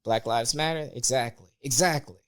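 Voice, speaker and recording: A man talking as a podcast guest, measured and deliberate, pressing hard on key words. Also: medium pitch. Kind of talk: conversational opinion talk.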